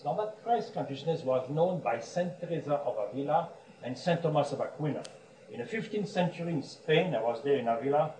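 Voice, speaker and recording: A man's voice: medium pitch, mellow. A man giving a sermon as a monk, telling stories with frequent chuckles and restarts. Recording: roomy echo, distant mic, faint background hum.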